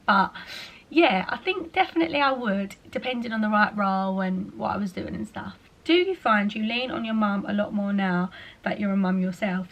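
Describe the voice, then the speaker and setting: A young woman talks through viewer questions in a loose, chatty vlog. Her talk is full of "like" and "you know", and she drops into quick voices to quote people. Her pitch sits in an ordinary middle range. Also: a bit bright. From England. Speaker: vlogger. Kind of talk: casual chat answering viewer questions.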